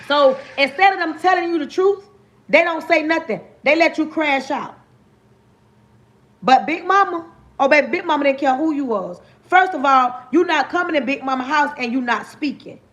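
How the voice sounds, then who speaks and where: A woman's voice: sits high, normal speed, a bit bright. A woman hosting a livestream, giving emphatic, repetitive life talk and often checking in with her listeners. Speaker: livestream host. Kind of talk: preachy motivational livestream talk.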